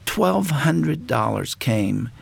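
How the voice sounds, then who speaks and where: An older man earnestly telling a personal story as an interview guest, unhurried and pausing often. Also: mid-range voice, sing-song, vocal fry, husky, no echo. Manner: earnest, unhurried anecdote with frequent pauses.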